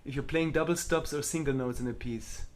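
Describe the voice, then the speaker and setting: Man, middle-aged, cellist, live Q&A, slightly high voice, candid, self-mocking. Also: fairly quick. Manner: candid, self-deprecating, blunt. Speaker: cellist answering viewer questions. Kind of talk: live online Q&A.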